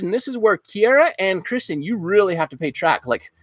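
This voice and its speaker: A man's voice: sits high, expressive, brisk, fairly bright tone, no echo. A man hosting a casual live-stream auction, talking in an upbeat, rambling way with lots of fillers. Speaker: livestream auction host. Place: outdoors at home after rain.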